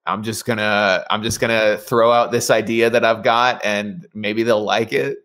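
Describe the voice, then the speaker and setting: A young man talks loosely as an interview guest, restarting sentences and leaning on fillers. His voice sits a little low. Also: moderate pace. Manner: relaxed, rambling, many fillers and restarts. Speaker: voice actor guest. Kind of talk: casual interview chat.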